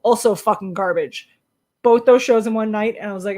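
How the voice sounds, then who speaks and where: A woman's voice: medium pitch, brisk, mellow. A woman co-hosting a casual live stream, ranting bluntly and swearing freely. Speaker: co-host.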